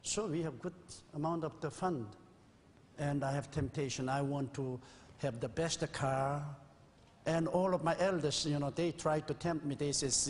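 Earnest high-voiced man in his sixties, preaching. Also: normal speed, slight background noise. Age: 60s. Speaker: pastor. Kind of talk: sermon. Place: church sanctuary. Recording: old VHS recording with long reverb.

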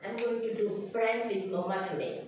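A woman voicing a mischievous little girl who plays pranks, with drawn-out, sing-song wailing. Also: medium pitch, fairly even intonation, natural voice. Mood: scheming. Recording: echoey room from far off, noisy.

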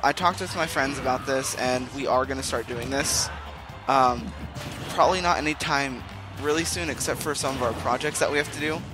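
A young man hosting a casual let's play, talking loosely with many ums and uhs. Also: medium pitch. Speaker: gaming channel host. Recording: game music playing behind.

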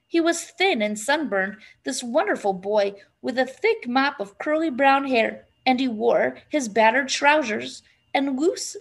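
A woman narrating a storybook aloud in an expressive, lively storytelling manner. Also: on the high side, gravelly. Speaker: reader.

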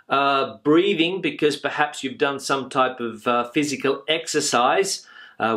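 A man's voice: a little high, fairly bright tone. A man teaching English in a video lesson, patiently repeating each phrase with frequent uh fillers.

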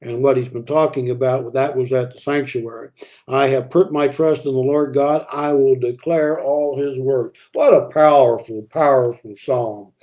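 A man's voice: medium pitch, steady tone, moderate pace, mellow. A man teaching a midweek Bible study, reading old-fashioned scripture verses aloud and then explaining them in a conversational way with fillers and repeated words.

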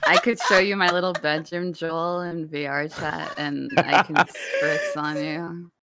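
A woman's voice: fairly low pitch, big pitch swings, unhurried, heavy background noise. A woman teasing and flirting with friends in a casual stream chat, laughing often. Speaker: streamer guest.

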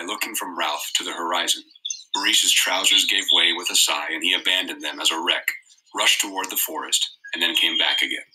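A man reading a novel aloud in a steady, measured narration. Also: low-pitched, a little hiss or hum, poor audio. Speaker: reader.

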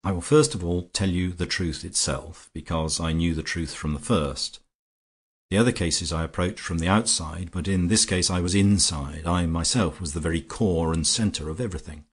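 A man reading a grave, composed gentleman detective. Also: deep voice, husky. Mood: calm, grave. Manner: measured, composed, explanatory.

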